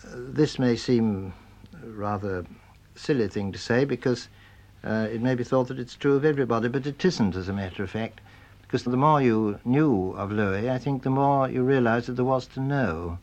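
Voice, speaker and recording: Man remembering a friend, thoughtful, pauses and hedges as he talks. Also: mid-range voice, a little mellow, muffled recording. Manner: thoughtful, hedging, with frequent uh and I think. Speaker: friend recalling a colleague. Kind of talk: spoken reminiscence.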